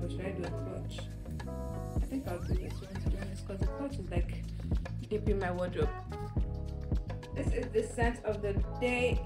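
A young woman vlogging at home, chatting candidly and rambling straight to her viewers. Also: medium pitch. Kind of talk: casual chatty vlog. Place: indoors at home.

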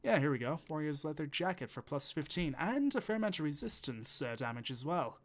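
A man's voice: fairly high pitch, lively intonation, a little fast. Man swearing through a game stream. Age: 20s. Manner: chatty, swears freely, thinks aloud while playing. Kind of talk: casual gameplay commentary.

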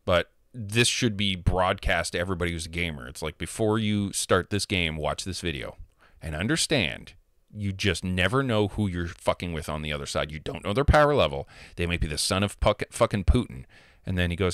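Low-voiced man in a profane gaming rant. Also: lively intonation, brisk, fairly bright tone, no echo, studio quality. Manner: profane, heated, emphatic. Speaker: gamer. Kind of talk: casual rant.

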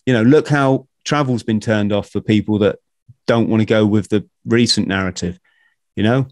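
A man hosting a podcast, talking in an animated, ranting way and swearing casually. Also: lowish voice, moderate pace, dry recording, clean studio sound. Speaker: podcast host.

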